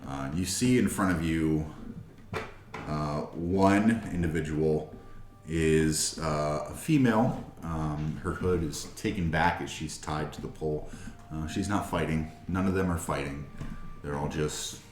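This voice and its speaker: A man's voice: rumbling low, measured pace, darkish tone, echoey room, slight background noise. A man narrating a tabletop game as game master, with many hesitant fillers.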